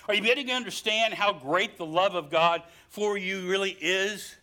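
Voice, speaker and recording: Bright-voiced West Virginian pastor preaching. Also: male voice, high voice, moderate pace, few pauses. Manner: swings from hushed storytelling to loud preaching. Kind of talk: sermon.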